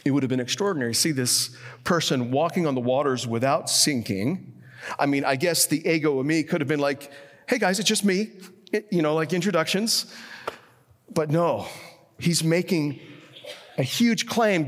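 A man preaching a sermon, swinging between hushed, low passages and emphatic, raised lines. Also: lively intonation, normal speed, long reverb tail.

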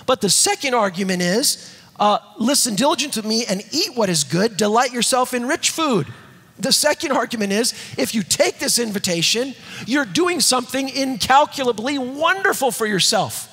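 A man preaching a sermon, emphatic and repetitive, dropping to soft low tones when reading scripture. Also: expressive, moderate pace. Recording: long hall reverb, husky.

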